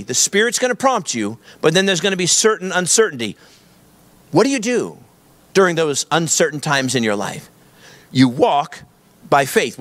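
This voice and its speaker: A man's voice: on the high side, a bit bright, no echo. A middle-aged man, a pastor preaching a sermon in an emphatic, repetitive storytelling manner.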